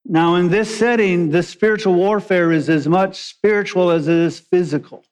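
A man's voice: sits high, moderate pace, smooth. A man preaching a sermon, a pastor telling stories in a conversational way with joking asides. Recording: long hall reverb.

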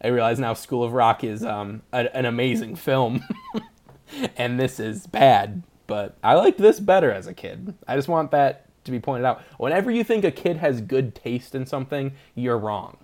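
A man's voice: mid-range voice, expressive, normal speed, a little mellow. A young man hosting a podcast, chatting casually, rambling through jokes and laughing often. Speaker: podcast host. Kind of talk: casual chat.

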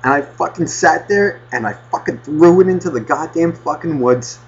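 A male podcast host telling a profane, ranting story in casual chat with a husky voice. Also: a little high, normal speed, lo-fi sound.

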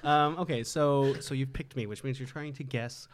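A man's voice: medium pitch, steady tone, moderate pace, a crowd in the background. A man hosting a comedy podcast game, rambling with lots of fillers and laughing at himself. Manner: giggly, rambling with many fillers. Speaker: game host. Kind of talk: casual podcast game chat.

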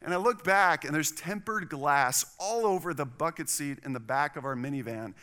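A middle-aged pastor delivers a sermon, animatedly recounting a personal story and voicing the people in it. His pitch sits a little high, his pace is moderate, and his tone is clean.

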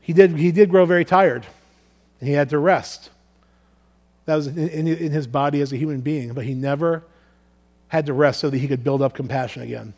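A man's voice: a little high, a little fast, pauses often, a little mellow. A man preaching a sermon earnestly, often repeating words as he works through his thoughts. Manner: earnest, repeats words while thinking aloud. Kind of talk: sermon with scripture reading.

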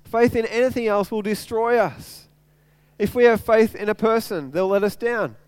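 Earnest high-voiced male preacher. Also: moderate pace, a little mellow, smooth, no room sound. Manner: earnest, repeats phrases for emphasis. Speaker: pastor. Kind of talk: sermon.

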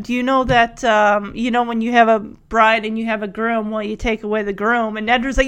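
Chatty high-voiced woman recapping a show. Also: a bit bright. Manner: chatty, giggly, acts out quotes in quick voices. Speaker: TV episode recapper. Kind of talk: casual recap commentary.

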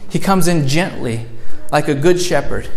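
A male pastor preaching a sermon in a church, moving between raised, emphatic lines and soft, gentle ones. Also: a little high, animated, normal speed. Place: church sanctuary.

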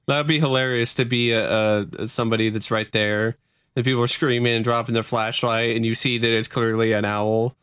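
A man's voice: medium pitch, steady tone, measured pace, pauses often, fairly bright tone, smooth, no room sound. Male podcast co-host, close dry sound, easy laughs, mock-outraged banter. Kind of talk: casual comedic podcast chat.

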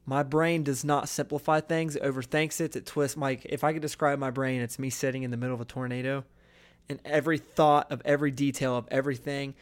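A man's voice: medium pitch, level tone, fairly quick. Earnest rambling young man. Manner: rambling, restarts thoughts, earnest. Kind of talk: casual chat.

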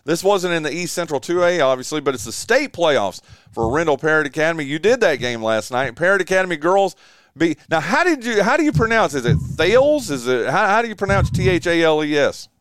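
Male sports radio host, upper-middle pitch, clean resonant studio voice, chatty and rambling. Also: animated, quick pace, fairly bright tone, clear, resonant tone, dry recording. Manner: rambling, lots of fillers and restarts. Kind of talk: casual sports radio chat.

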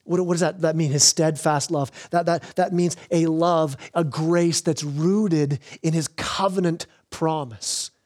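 A man pastor preaching a sermon, earnest, slowing down on key words and often restarting phrases. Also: fairly high pitch, steady tone, darkish tone. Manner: earnest preaching with repeated restarts, slows for emphasis.

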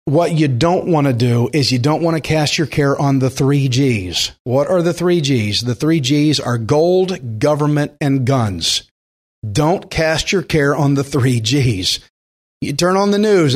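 Guy preaching a sermon, kinda high voice, earnest and chatty, slows way down to hammer a point. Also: expressive. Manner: earnest, conversational preaching with emphatic slowdowns. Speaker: pastor.

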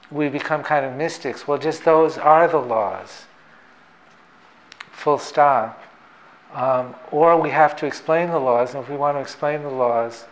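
A man, a theoretical physicist, explaining ideas in a thoughtful, measured, professorial way. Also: medium pitch, rough recording. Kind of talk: reflective explanatory talk.

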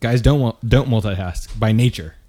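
A man's voice: lowish voice, normal speed, mellow. A man co-hosting a casual podcast chat, joking around in playful banter. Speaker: podcast co-host.

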